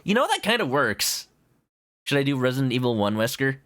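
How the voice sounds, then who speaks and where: A man's voice: mid-range voice, big pitch swings, brisk, fairly bright tone. Chatty, playful streamer guy. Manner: chatty, playful, lots of fillers. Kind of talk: casual let's-play commentary.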